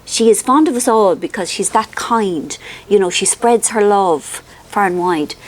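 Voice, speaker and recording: An Irish woman vlogging in a casual, rambling and self-mocking way, worn out by the heat. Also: medium pitch. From Ireland. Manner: chatty, rambling, self-mocking, with frequent ums. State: wilting from the heat. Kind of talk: casual chat to camera.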